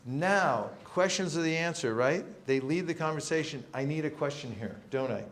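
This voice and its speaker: A man's voice: a little high, lively intonation, normal speed, a bit bright, slight background noise. A man leading a seminar for a live audience, talking playfully and acting out street encounters with a joking manner. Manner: humorous, acts out street encounters. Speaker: seminar teacher. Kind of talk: lively seminar talk. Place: temple hall with audience. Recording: roomy echoing hall.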